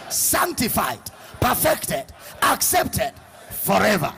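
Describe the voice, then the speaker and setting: A man preaching a sermon, leading the congregation in call-and-response, shouting in a sing-song preaching cadence. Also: high voice, sing-song, normal speed, gravelly, soft background music. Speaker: pastor. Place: church hall with congregation.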